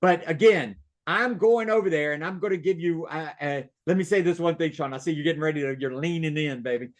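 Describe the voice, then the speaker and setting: A man's voice: a little high, brisk. Emphatic man coaching over a video call. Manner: emphatic, repeats key phrases, addresses audience directly. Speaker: real estate sales coach. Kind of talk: motivational coaching talk. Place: online meeting.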